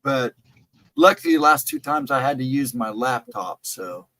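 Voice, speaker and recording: A man's voice: mid-range voice, lively intonation, moderate pace, pushed and bright, no room sound. A man hosting a casual livestream chat, rambling and easygoing, often laughing. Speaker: host.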